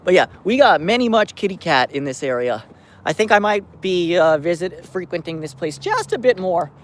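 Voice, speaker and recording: Casting note: high, lively male streamer, chatty and rambling, outdoors on a handheld phone. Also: normal speed. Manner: rambling, with many restarts and mild swearing. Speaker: vlogger feeding stray cats. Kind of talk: casual live-stream chat. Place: outdoors by his car at night.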